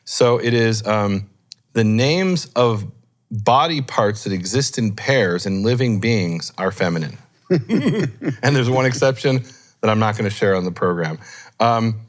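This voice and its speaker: In an unscripted, informal teaching chat, a Hebrew scholar with a fairly low male voice explains grammar rules. He thinks out loud, stops on filler words, and corrects himself partway through sentences, keeping his delivery patient and explanatory.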